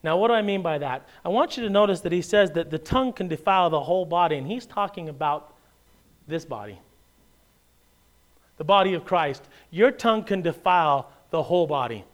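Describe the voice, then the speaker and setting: A man preaching a sermon as pastor, talking in a lively, joking conversational way with many rhetorical questions, and reading scripture aloud in a measured tone. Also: sits high.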